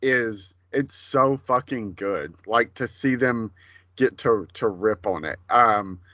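A man co-hosting a podcast, chatting casually and profanely about a movie, rambling and animated. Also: lowish voice, slow pace, dry recording, muffled recording. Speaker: podcast co-host.

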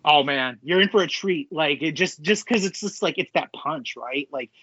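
A man co-hosting a podcast in casual chat, excitable and swearing freely, with lots of fillers. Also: fairly high pitch, normal speed, husky, no echo. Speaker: podcast co-host. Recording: dull lo-fi sound, dry.

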